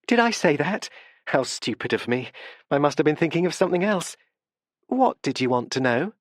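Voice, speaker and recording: A man voicing a soft-spoken, quietly unsettling young woman in an audiobook, talking in a hesitant, sincere way. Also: fairly high pitch, big pitch swings, moderate pace, no room sound, studio quality, pitched above the performer's own voice. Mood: soft, apologetic. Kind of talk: audiobook character voice.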